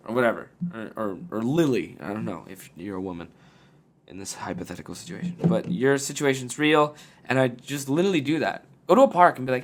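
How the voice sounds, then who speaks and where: A man's voice: mid-range voice, big pitch swings, a little fast. A young man hosting a podcast, giving blunt, profane, jokey advice in casual chat. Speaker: podcast host. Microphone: podcast mic.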